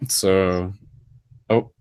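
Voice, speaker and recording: A man with a deep, low voice hosts an online group hangout. He talks loosely, with lots of fillers and restarts, and sounds a little tired. The sound is dry and close, with no room echo. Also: a little mellow. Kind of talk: casual rambling group chat.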